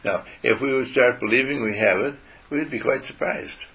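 Guy giving a spiritual talk to a group, gravelly voice, kinda bright, tells stories gently. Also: medium pitch, moderate pace, muffled recording. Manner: gentle, storytelling, acts out talks with his dog.

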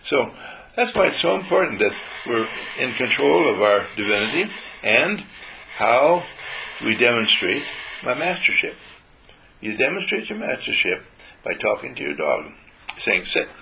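A man giving a gentle spiritual talk to a group, telling stories and acting out how he talks to his dog. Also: medium pitch, big pitch swings, a little slow, vocal fry, background noise.

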